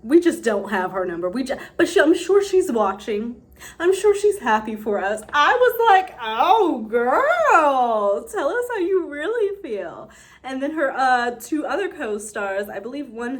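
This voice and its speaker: A woman giving casual, blunt celebrity gossip commentary, animated and full of profanity. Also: medium pitch. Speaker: commentary vlogger.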